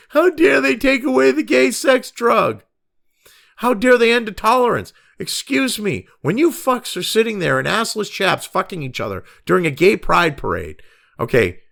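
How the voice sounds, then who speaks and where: A middle-aged commentary host with a somewhat high, gravelly, bright voice rants forcefully at the news, angry and sarcastic, swearing constantly.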